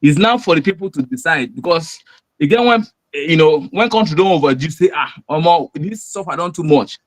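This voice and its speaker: A man's voice: a little high, lively intonation, brisk, dry recording. A man with a Nigerian accent calling in to a show, rambling and leaning heavily on fillers. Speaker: caller. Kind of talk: casual call-in commentary.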